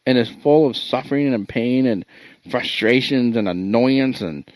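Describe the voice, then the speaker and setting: A man's voice: medium pitch, unhurried, darkish tone, no room sound, poor audio. Male podcast host, reflective and encouraging, dry close sound. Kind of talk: faith-based podcast interview.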